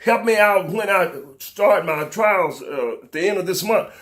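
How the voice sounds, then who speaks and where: A man's voice: sits high, unhurried, fairly bright tone. A man hosting a local talk show, scolding his audience with fervent rhetorical questions in a preacher-like style. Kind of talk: preacher-like call-and-response commentary.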